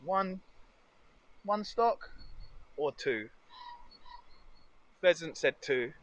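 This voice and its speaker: Man, casual outdoor vlog, upbeat, rambling, slightly high voice. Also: animated, very slow, fairly bright tone. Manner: chatty, upbeat, muses aloud. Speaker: foraging vlogger. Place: outdoors in nature.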